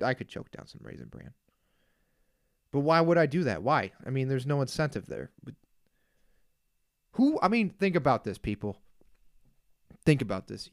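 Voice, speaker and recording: Animated man ranting on a podcast. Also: mid-range voice, no room sound, studio quality. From Kansas. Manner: animated, exasperated ranting with frequent asides. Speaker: podcast host. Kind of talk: casual solo podcast rant.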